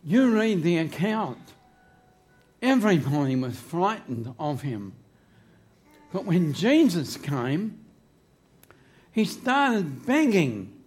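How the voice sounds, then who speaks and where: A man's voice: on the high side, sing-song, slow, pauses often, darkish tone. A man preaching a sermon in church into a microphone, emphatic and humorous, drawing his phrases out. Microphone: handheld microphone.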